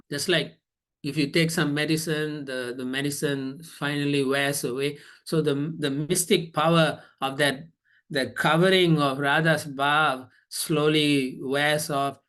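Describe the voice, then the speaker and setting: A man giving a devotional storytelling class over an online call, animated with frequent fillers. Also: a little high. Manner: animated, hesitant with many fillers. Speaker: guest speaker.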